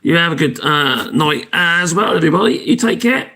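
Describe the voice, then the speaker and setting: A man's voice: fairly high pitch, big pitch swings, moderate pace, gravelly, sharp tone. A man, hosting a casual live stream, chatting in a rambling way and thanking his viewers. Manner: rambling, chatty, self-interrupting; thanks viewers and signs off cheerily. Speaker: livestream host.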